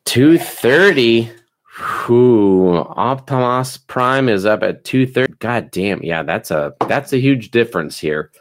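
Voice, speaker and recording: A man's voice: mid-range voice, animated, takes it slowly. A man co-hosting a casual late-night podcast, tipsy, joking and swearing freely. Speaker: podcast co-host.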